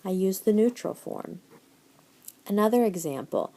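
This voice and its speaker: A middle-aged woman teaches a recorded Spanish lesson over slides, patient and encouraging. Her voice sits a little low, with a mellow, gravelly edge. She reads answer lists slowly and deliberately, slipping Spanish phrases into her English.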